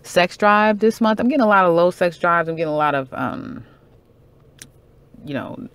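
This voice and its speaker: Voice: medium pitch, animated, moderate pace, fairly bright tone, clear, resonant tone, no room sound. A tarot reader giving a casual monthly horoscope reading, chatty and emphatic, with many fillers, self-corrections and "okay?" check-ins to the viewer.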